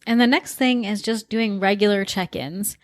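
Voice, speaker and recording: A woman's voice: mid-range voice, normal speed, no room sound, studio quality. A woman co-hosting a relationship podcast, speaking in a caring, conversational way. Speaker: podcast co-host. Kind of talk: casual advice talk.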